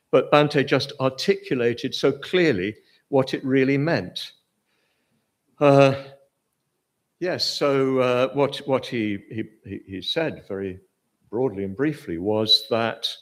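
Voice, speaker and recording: Older english guy with a posh accent giving a buddhist talk, lots of ums and restarts, thinking out loud. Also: mid-range voice. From Britain. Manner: hesitant, many fillers and restarts. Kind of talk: informal lecture.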